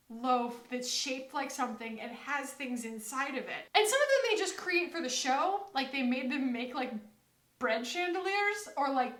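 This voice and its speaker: A young woman from the United States talks casually to her camera, rambling from one thought to the next and quoting people in lively asides. Her voice sits high, and the room around her is echoey. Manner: chatty, rambling, quoting others in animated asides. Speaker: beauty vlogger.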